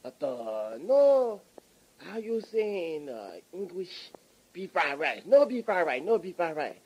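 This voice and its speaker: A man voicing a rude young male restaurant cook who speaks in halting, broken English and trades insults. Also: sits high, big pitch swings, darkish tone, husky, heavily acted, low-quality recording. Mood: dismissive.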